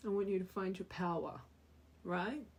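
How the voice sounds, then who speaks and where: A woman's voice: medium pitch, fairly even intonation, moderate pace, noisy background. A young woman giving a spiritual tarot reading to her viewers, earnest and emotional, often repeating phrases for emphasis. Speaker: tarot reader.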